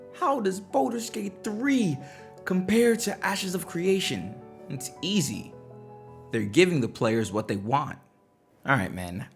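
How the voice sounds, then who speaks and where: A man delivering casual gaming commentary in a blunt, slangy way. He rants with animated emphasis in a mid-pitched voice. Faint music plays under him.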